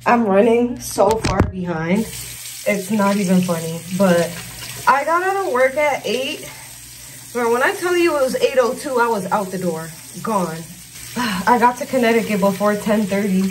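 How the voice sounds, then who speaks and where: A twenty-five-year-old woman vlogging casually as she gets ready at home, brash and quick to swear and laugh. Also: a little high, a little hiss or hum. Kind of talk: casual get-ready-with-me chat.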